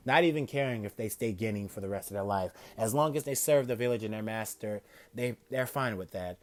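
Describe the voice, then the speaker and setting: A man casually narrating a fan-made story, excitable and often stumbling and correcting himself mid-sentence. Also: lowish voice.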